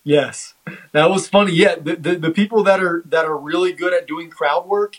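A man co-hosting a casual podcast chat, talking haltingly with many fillers and restarts. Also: a little high, low-quality recording. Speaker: podcast co-host. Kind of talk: casual chat reviewing a comedy special.

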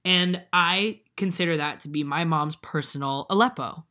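Animated low-voiced woman podcast host. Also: moderate pace. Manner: animated storyteller, acts out quotes, many fillers. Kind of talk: casual chat.

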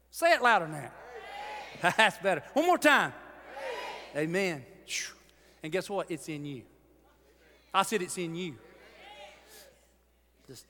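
A pastor preaching a sermon, animated, swinging between shouted lines and hushed ones. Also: male voice, on the high side. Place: large church hall. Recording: long hall reverb.

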